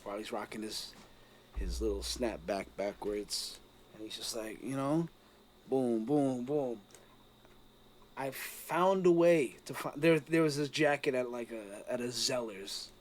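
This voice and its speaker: A man, telling stories in a casual podcast chat over a video call, lively and laughing often. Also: medium pitch, a little slow. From Toronto, Canada. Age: 30s. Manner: animated storyteller, slips into put-on voices, laughs often. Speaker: podcast co-host.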